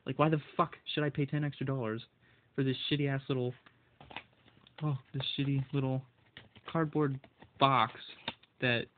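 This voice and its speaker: A man's voice: medium pitch, fairly even intonation, moderate pace, long pauses, a little hiss or hum. Furious swearing man, tinny sound. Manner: furious, swears constantly, stumbles over words. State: voice shaking with anger. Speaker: video game vlogger. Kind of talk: angry solo rant.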